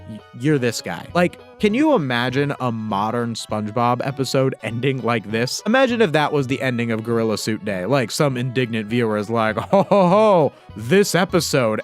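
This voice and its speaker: A man giving scripted narration for a video essay, with enthusiastic, opinionated commentary. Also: medium pitch.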